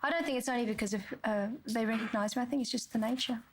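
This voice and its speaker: A woman's voice: a little high, very fast, a little hiss or hum, rough recording. A woman in her thirties with an Australian accent, answering interview questions in a chatty way and laughing easily. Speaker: interviewee, singer and actress.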